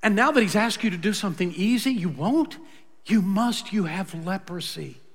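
A man's voice: sits high, expressive, normal speed, slightly rough, long reverb tail, exaggerated voice. A man preaching voices a loyal soldier who urges his commander earnestly. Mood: pleading. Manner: earnest, urgent.

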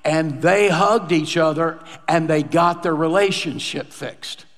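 A man preaching as pastor, slipping into the voices of people he quotes as he tells a story. His voice sits a little high for a man. Long reverb of the church hall trails after every line. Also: unhurried, creaky. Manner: conversational storytelling, acting out quoted lines. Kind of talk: sermon storytelling.

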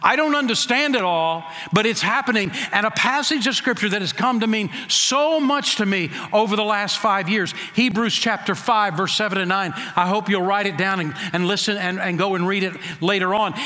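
A man preaching a sermon, his high voice bright and ringing as it carries through a hall with a long echo. He stresses key phrases by slowing right down and throws out rhetorical questions to the congregation. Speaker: pastor.

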